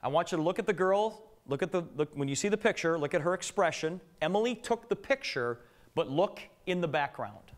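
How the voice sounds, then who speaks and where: A man's voice: high voice, animated, brisk. A middle-aged man giving a live business presentation to an audience, telling joking stories and putting questions to the room.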